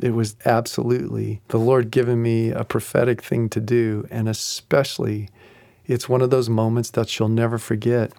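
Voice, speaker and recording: Middle-aged man, gravelly and dry-miked, earnest animated testimony storyteller. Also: medium pitch, normal speed, no echo. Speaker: ministry group facilitator.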